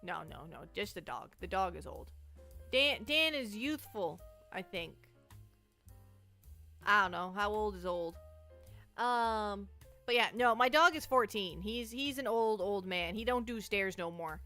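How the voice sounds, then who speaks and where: A woman's voice: mid-range voice, lively intonation, measured pace, sharp tone, faint music behind. A nervous woman streamer chatting casually, rambling and restarting her sentences, anxious and shaky. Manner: nervous, rambling, self-interrupting. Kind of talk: casual live-stream chat.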